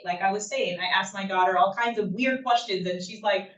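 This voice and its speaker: A woman's voice: medium pitch, brisk, few pauses, fairly bright tone. A woman presenting a talk to a group of parents, speaking conversationally and often checking in with "right?". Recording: roomy, distant, dull lo-fi room sound.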